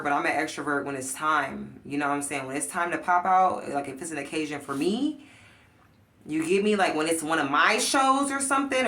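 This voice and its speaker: Blunt, profane woman ranting on camera. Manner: animated, swings between loud outbursts and low muttering. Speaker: life coach. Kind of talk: casual vlog rant.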